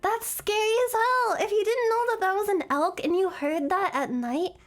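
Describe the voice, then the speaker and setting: A woman's voice: very high-pitched, moderate pace, over music. A young woman streamer chatting casually as she reacts to videos, giggling and playfully imitating animal screams. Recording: noisy stream audio.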